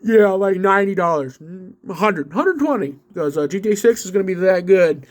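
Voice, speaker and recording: A man putting on the voice of a smug, greedy game-company executive in a rambling, mocking sales pitch. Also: lively intonation, brisk.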